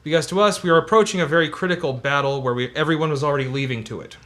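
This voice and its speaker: Higher-voiced man telling a sarcastic gaming story. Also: very fast, a bit bright. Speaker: podcast co-host. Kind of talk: casual gaming podcast chat.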